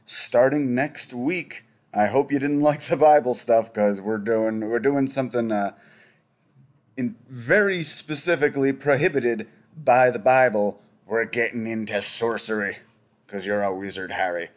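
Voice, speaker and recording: A man's voice: medium pitch, measured pace. A man hosting a casual podcast, joking and rambling, who corrects himself mid-sentence and slips into a slight Southern inflection. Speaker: podcast host.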